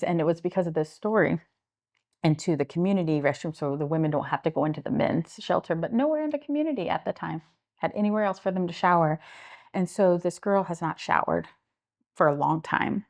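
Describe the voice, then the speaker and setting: A woman's voice: lowish voice, brisk. A middle-aged woman with a Midwestern American accent, a homeless services director telling stories earnestly in an interview, acting out the people she quotes. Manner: earnest, animated retelling with acted-out quotes. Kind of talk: interview storytelling.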